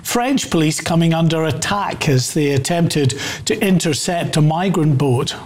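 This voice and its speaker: A man's voice: fairly high pitch, animated, measured pace. Jokey man co-hosting. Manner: jokey, reading out viewer messages with a chuckle. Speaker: co-host. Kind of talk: casual studio chat.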